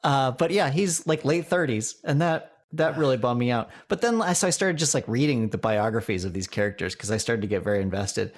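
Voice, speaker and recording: A man's voice: mid-range voice, fairly quick, hardly any pauses. A man co-hosting a casual comedy podcast, telling stories and laughing often. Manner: animated storyteller, laughs often. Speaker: podcast co-host.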